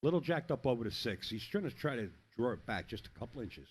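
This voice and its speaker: A man's voice: medium pitch, lively intonation, fast, slightly rough. A middle-aged man commentating a pool match in a rambling, chatty way, telling jokes between shots. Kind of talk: casual play-by-play with joke telling.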